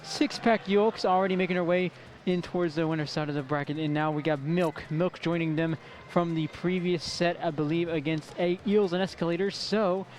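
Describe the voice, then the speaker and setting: A man commentating a live esports tournament, chatty and quick with jokey asides, his voice strained and worn late in the day. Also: a little high, steady tone, slight background noise. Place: tournament venue.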